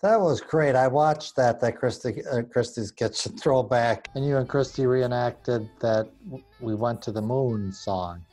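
A man hosting a casual interview, asking questions in a halting way with fillers. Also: medium pitch, darkish tone. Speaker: interview host.

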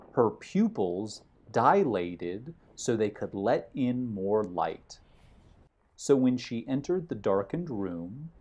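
A man giving a vocabulary lesson while walking outdoors on a hiking trail, in a measured way, defining each word and then restating his example. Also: lowish voice, darkish tone, slightly rough. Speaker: vocabulary teacher.

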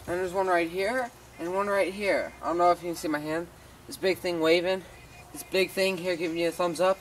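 Man, slightly high voice, tired, rambling garden vlog outdoors with faint noise behind. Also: moderate pace, poor audio. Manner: rambling, self-interrupting, talks to his dog. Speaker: home gardener.

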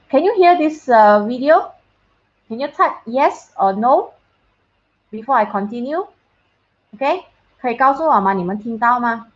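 On a video call, a female teacher with a voice on the high side gives her online class a science lesson in a relaxed, talkative style. She frequently asks if her students can hear her and slips in short Mandarin phrases, and the recording lacks high frequencies.

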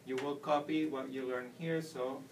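A man's voice: medium pitch, fairly even intonation, moderate pace. A man giving a whiteboard lesson as a Spanish teacher, explaining patiently step by step. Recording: distant mic with faint room noise.

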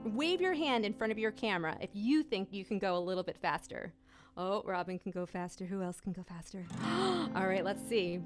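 A woman's voice: medium pitch, fairly quick, music in the background. A woman hosting an interactive children's holiday show over a video call, bubbly and encouraging, calling out children by name. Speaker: children's musician and host.

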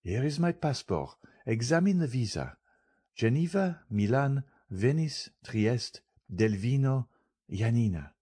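A man voicing an earnest young male journalist in an audiobook, speaking in a measured, solemn way. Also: mid-range voice, big pitch swings, slightly rough. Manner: measured and solemn, gently explaining. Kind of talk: audiobook character reading.

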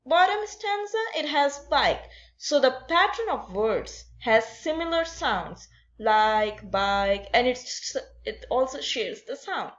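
A woman explaining an English lesson to students, often repeating herself and restarting with fillers. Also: a little high. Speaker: English teacher. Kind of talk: classroom-style explainer lesson. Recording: dull lo-fi recording.

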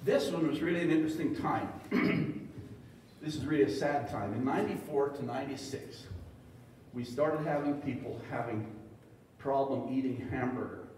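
A man's voice: medium pitch, moderate pace, a little mellow, a little hiss or hum. A man giving a folksy, joking presentation to a live audience, with acted-out quotes. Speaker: presenter at extension talk. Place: large echoey meeting hall. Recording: echoey hall recorded from far off.

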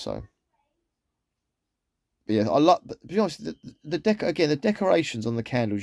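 Male vlogger, easygoing and rambling, mellow voice, dry close sound. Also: lowish voice, no room sound. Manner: chatty, rambling, with trailing asides. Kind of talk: casual shopping haul commentary.

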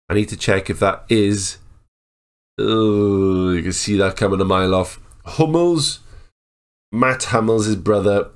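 A man giving casual, excitable commentary over a football management game, chatting and joking as the match plays. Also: lowish voice. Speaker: gaming YouTuber. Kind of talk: casual Let's Play commentary.

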